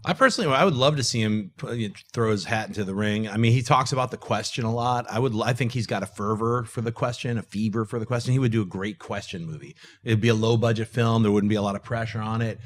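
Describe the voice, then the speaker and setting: A man co-hosting a casual movie-news chat, animated and joking. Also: fairly low pitch, quick pace, few pauses. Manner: animated, jokey, breaks into goofy put-on voices. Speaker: co-host.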